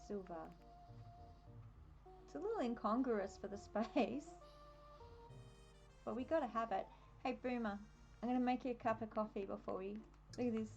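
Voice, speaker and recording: A woman's voice: on the high side, normal speed, pauses often, darkish tone, lo-fi sound. Chatty Australian woman streaming a game. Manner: chatty, easily sidetracked, self-amused. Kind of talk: casual live-stream chat while decorating in a game. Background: faint game music.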